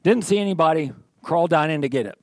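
A man's voice: on the high side, animated, fast talker, a little mellow, no echo, studio quality. A middle-aged man preaching a sermon, telling stories in a folksy, conversational way and often checking in with his listeners. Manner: conversational, folksy storytelling with frequent "okay?". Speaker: pastor.

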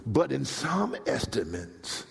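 A male preacher tells a story at a very slow pace, drawing out each phrase. He swings from hushed tones to loud cries. A long reverb fills the big hall around him. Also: mid-range voice, sing-song, creaky. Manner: dramatic, swinging from hushed to shouting. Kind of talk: sermon storytelling.

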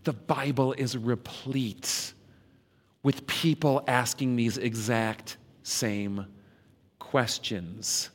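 Slow-spoken man in a reverberant hall. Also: mid-range voice, steady tone. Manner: slow, dramatic reading of scripture questions. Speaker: preacher. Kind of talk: reflective devotional talk.

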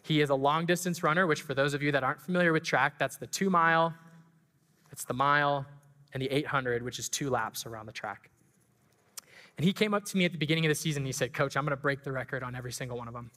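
A man with a bright, fairly high voice preaches to his congregation, telling a story with feeling and building to excited emphasis. His voice rings out through a church sanctuary with a long reverb trailing each phrase. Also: fast. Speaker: pastor and school track coach. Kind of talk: sermon.

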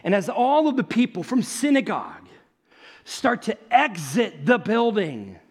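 Husky, animated male preacher. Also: high voice, measured pace. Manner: animated, conversational preaching with asides. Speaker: pastor. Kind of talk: sermon.

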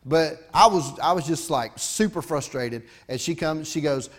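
A man's voice: fairly high pitch, moderate pace, fairly bright tone. A middle-aged pastor, preaching a folksy, conversational sermon with asides to his congregation.

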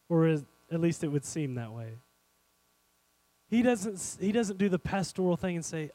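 A man preaching a sermon, animated and speaking straight to his congregation, swinging between loud and hushed. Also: a little high, measured pace, no room sound, low-quality recording. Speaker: pastor.

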